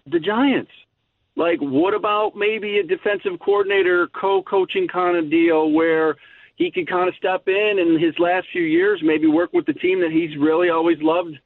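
A man's voice: high voice, lively intonation, normal speed, creaky, dry recording. A man calling in to a sports radio show who sounds hesitant and tentative. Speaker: caller. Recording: tinny phone line.

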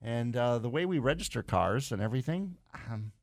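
Male radio host, mid-pitched, dry studio sound, casual and rambling with lots of fillers. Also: lively intonation, a little fast, creaky, darkish tone, dry recording. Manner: rambling, thinks aloud with many fillers. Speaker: radio talk show host. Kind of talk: casual call-in radio talk. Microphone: studio microphone.

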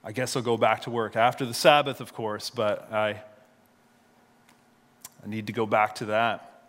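A man's voice: lowish voice, little pitch movement, measured pace, fairly bright tone, big-room sound. A man voicing an impulsive adult male fisherman disciple, blurting in casual modern phrasing. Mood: protesting.

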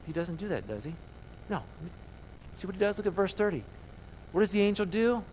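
A man's voice: high-pitched, big pitch swings, fairly quick, pauses often, darkish tone, slight background noise, rough recording. A man preaching a sermon to his congregation, talking emphatically and firing off repeated rhetorical questions. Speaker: pastor. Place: church service with congregation.

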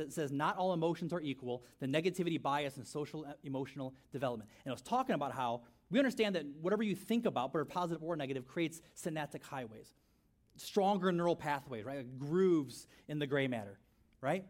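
Animated preacher man, higher voice. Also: fast. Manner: animated, rhetorical questions, repeats phrases. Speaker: pastor. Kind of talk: sermon.

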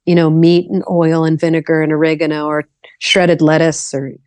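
A woman's voice: deep voice, little pitch movement, moderate pace, darkish tone, no room sound. A woman musician from the Philadelphia area with a Philly accent, chatting loosely on a podcast with lots of "like" fillers. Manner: rambling, lots of "like" fillers, easy laughs. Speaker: musician guest. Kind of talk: casual podcast chat.

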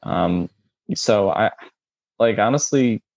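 A man co-hosting a casual sports podcast, talking in halting phrases full of fillers and restarts. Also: fairly low pitch, a little mellow, dry recording. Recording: dull, muffled dry audio.

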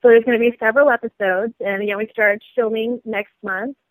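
A woman actress and model chatting as an interview guest, bubbly and quick to laugh. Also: a little high, steady tone, dry recording, low-quality recording. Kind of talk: casual interview chat.

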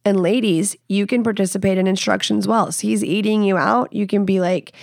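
Woman podcast host, gravelly voice, dry close sound, cusses a lot and laughs at her own jokes. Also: medium pitch, normal speed, hardly any pauses, a little mellow, no room sound. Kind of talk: frank, casual sex-advice talk.

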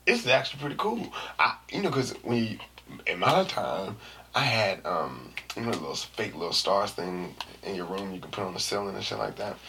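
Young male vlogger with a gravelly, bright voice, animated storyteller who swings from whispers to shouts. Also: fairly low pitch, moderate pace, slight background noise. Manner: animated, slangy, swings between hushed asides and shouting. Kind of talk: casual storytelling to camera.

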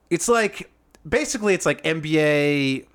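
A man's voice: fairly high pitch, takes it slowly. A man co-hosting a sports podcast, chatting casually with friends and laughing often. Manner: animated, laughs often, does goofy voices. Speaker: podcast co-host. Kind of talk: casual chat.

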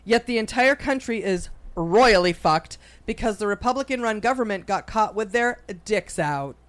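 A woman's voice: medium pitch, lively intonation, normal speed. Blunt, wry woman co-host. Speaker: podcast co-host. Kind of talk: casual comedic podcast chat.

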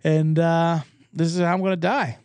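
A man hosting a sports betting podcast alone in a small booth, ranting in a rambling, excitable, profane way. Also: on the high side, moderate pace, clean tone, dry recording. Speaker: podcast host and sports bettor. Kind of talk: casual sports betting rant.

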